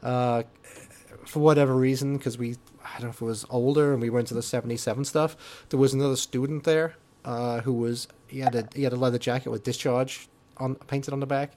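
An older man talks in a loose, rambling way, padding his sentences with fillers and restarts. His voice sits at an ordinary middle pitch. It is relaxed podcast chat with his co-host. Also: a little fast. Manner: rambling, chatty with frequent fillers. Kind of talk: casual chat about music.

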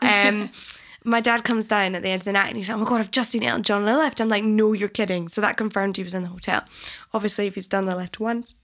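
A young woman from Scotland, a singer telling her story in a casual, animated interview. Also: mid-range voice. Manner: animated, chatty, acts out quoted voices. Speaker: singer, guest.

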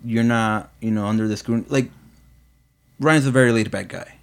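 Casual male coworker, low voice, rambling and filler-heavy. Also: steady tone, fairly quick, gravelly. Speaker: employee. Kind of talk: casual chat.

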